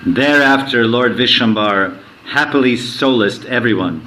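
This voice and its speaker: A man teaching a sermon, quizzing his listeners and reciting verses slowly. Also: mid-range voice, pushed and bright, a little hiss or hum, poor audio. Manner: asks the audience questions, slowly recites verses. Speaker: spiritual teacher.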